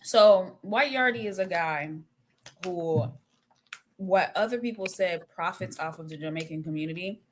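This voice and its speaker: A woman's voice: on the low side, moderate pace, a little hiss or hum. A woman co-hosting a casual talk show, retelling an online argument and acting out the quotes, laughing often. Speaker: podcast co-host. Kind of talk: casual chat.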